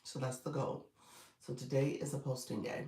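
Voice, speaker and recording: A woman's voice: a bass voice, flat delivery, moderate pace, creaky, dark tone, recorded from a distance. A woman coach chatting casually and encouragingly with her livestream viewers, still in her groggy morning voice. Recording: echoey room, away from the mic.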